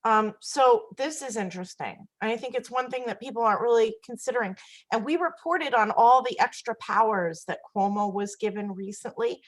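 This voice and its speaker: A woman co-hosting a casual web talk show, animated and gossipy, laughing often. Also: fairly high pitch, moderate pace, poor audio. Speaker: co-host.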